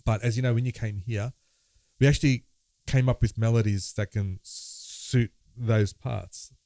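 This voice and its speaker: A man co-hosting a music podcast, talking in a halting, thoughtful way with many restarts. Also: medium pitch, fairly even intonation, mellow, dry recording. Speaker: podcast co-host, guitarist. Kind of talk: casual conversation about music.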